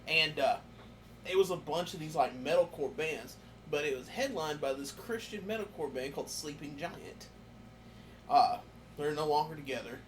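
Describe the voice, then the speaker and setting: Guy on a podcast, kinda high voice, gets loud telling stories, faint hiss behind. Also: moderate pace. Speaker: podcast host. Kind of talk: casual podcast chat.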